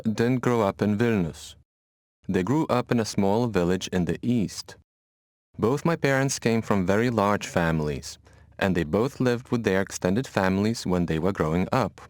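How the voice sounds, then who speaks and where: A man calmly telling a scripted story about his family, for a listening exercise. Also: on the low side, dry recording, studio quality. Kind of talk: scripted personal monologue.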